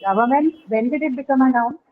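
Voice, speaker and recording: Over a tinny, phone-like video call line, this Indian English-accented teacher speaks quickly in a high voice. She walks her online class through the material step by step, pausing to check comprehension.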